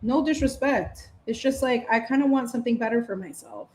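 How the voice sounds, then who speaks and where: A woman's voice: fairly high pitch, fairly quick, a little mellow. A woman hosting a casual paint-along chat, talking in a chatty, playful way with lots of slang. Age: adult parent. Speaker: channel host.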